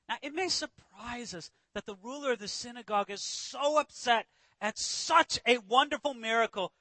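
Male preacher, very high bright voice, animated verse-by-verse delivery. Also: moderate pace, no echo, low-quality recording. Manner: animated preaching, acts out Bible scenes. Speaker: pastor. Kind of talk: sermon.

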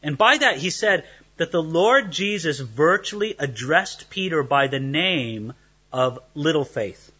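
A man preaching a sermon, telling the story with lively rhetorical questions and animated emphasis. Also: on the high side, measured pace, breathy edge, dull audio. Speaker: pastor.

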